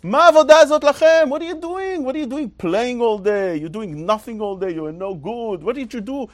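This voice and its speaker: A man's voice: very high voice, animated, no room sound, voice pushed up. A man acting out a harsh father who berates his young son with accusing questions. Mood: scolding. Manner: accusing, rapid rhetorical questions.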